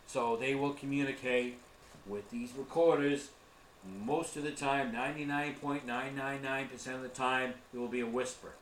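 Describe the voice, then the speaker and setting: A man's voice: medium pitch, steady tone, moderate pace, slight background noise. A man giving a casual, earnest how-to talk on ghost hunting equipment, often calling his viewers folks. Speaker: ghost hunting tour guide. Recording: roomy live stream recording.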